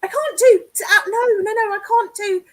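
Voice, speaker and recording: A woman's voice: very high-pitched, normal speed, a bit bright. A woman from England, a guest psychic medium chatting casually over a video call, laughing often and self-deprecating.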